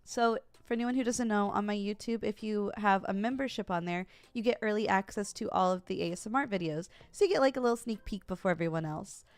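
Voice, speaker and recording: Speaking quickly with few pauses, a young streamer chats casually with her audience, giggly and animated, laughing often and speaking straight to chat. Her medium-pitched voice is smooth, with no room sound.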